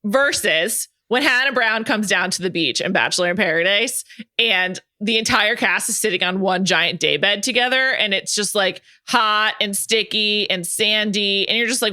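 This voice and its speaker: A woman's voice: mid-range voice, normal speed, sharp tone, no echo, clean studio sound. A woman hosting a podcast in casual chat, enthusiastic and talkative with lots of fillers. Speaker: podcast host.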